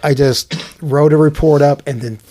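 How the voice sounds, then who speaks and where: A man, a former police officer, telling animated anecdotes on a casual podcast and quoting people he met. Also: on the high side, moderate pace, slight background noise. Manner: animated anecdotal storytelling with laughs, quotes people.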